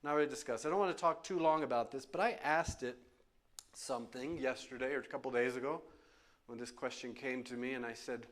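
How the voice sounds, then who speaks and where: A man's voice: mid-range voice, brisk, a bit bright. A man preaching as pastor in a church, speaking emphatically in a question and answer session and repeating phrases for stress. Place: church sanctuary.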